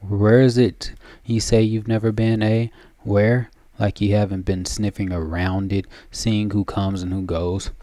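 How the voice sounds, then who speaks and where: A man's voice: lowish voice, level tone, a little slow, warm tone, dry recording, lightly acted. A man reading game dialogue aloud, voicing a cunning old hag who talks in a mocking, folksy old-crone way.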